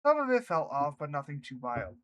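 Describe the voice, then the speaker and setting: Male story reader, slightly higher voice, chatty commentary between reads. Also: wildly swooping pitch, brisk, a bit bright, poor audio. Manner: chatty, breaks off to react and laugh. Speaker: reddit story narrator. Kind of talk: reading stories aloud with casual commentary.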